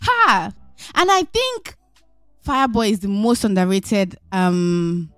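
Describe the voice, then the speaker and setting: A woman's voice: mid-range voice, slow, smooth, dry recording, faint music behind. Playful woman radio host. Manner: animated, teasing, jokey. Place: radio studio.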